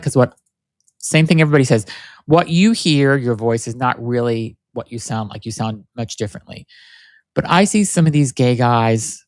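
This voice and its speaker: A man's voice: mid-range voice, no room sound, studio quality. A man hosting his own podcast, talking casually and rambling with lots of fillers and restarts, his voice not very masculine. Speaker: podcast host. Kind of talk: casual solo podcast chat.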